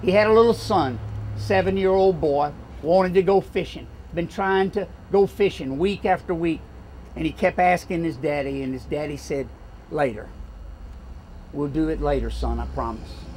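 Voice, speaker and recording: A man's voice: sits high, normal speed, darkish tone, a little hiss or hum. An older man from Louisiana with a Southern American accent, giving a folksy, rousing campaign speech full of stories. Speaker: political speaker.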